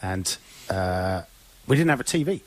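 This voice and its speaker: A man's voice: sits low, lively intonation, unhurried, low-quality recording. A man born in England co-hosting a music show, telling rambling stories in a playful, casual way. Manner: rambling, playful, does silly voices. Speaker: radio show co-host. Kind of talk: casual chat.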